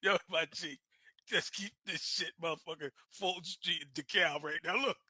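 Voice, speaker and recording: A man from Brooklyn, telling a rowdy story with laughs and shouted asides. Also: a little high, fairly even intonation, moderate pace, husky, dry recording. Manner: loud, laughing, acts out voices, swears freely. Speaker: guest storyteller. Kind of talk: animated storytelling.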